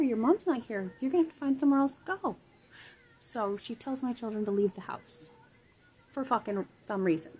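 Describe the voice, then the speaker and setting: A woman's voice: mid-range voice, mellow. A woman in her thirties vlogging from a hospital room, talking angrily and swearing as she vents. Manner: angry and profane, venting. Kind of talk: casual vlog from a hospital bed. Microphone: phone camera.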